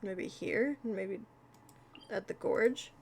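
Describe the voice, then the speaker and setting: A woman's voice: medium pitch, drawn-out words, gravelly, a little hiss or hum. A woman live streamer giving casual gameplay commentary, chatty and talking to herself as she pleads with the game.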